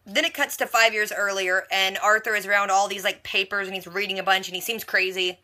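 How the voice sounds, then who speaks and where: A woman vlogger giving a casual, animated recap of a TV episode with quick asides. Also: medium pitch. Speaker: reaction vlogger.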